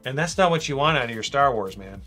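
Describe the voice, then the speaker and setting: Bright-voiced casual man live-streaming. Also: medium pitch, animated, fast. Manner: chatty, reads out viewer comments, says "man" a lot. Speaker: livestream host building a brick model. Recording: faint music behind.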